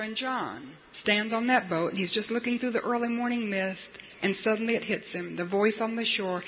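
A male preacher telling a story in a sermon, animated and rising to emphatic peaks, on a dull lo-fi recording. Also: high voice. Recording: dull lo-fi recording with faint hiss.

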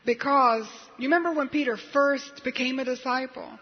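A male preacher telling a story in a sermon, animated and rising to emphatic peaks, on a dull lo-fi recording. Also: very high voice, moderate pace. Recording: dull lo-fi recording with faint hiss.

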